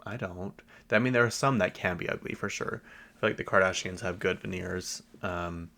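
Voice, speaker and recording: A young man chatting on his own podcast, rambling through stories with plenty of ums and likes. His voice sits on the low side. The tone is casual and easygoing. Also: moderate pace, vocal fry, sharp tone. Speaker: podcast host. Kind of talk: casual solo podcast chat.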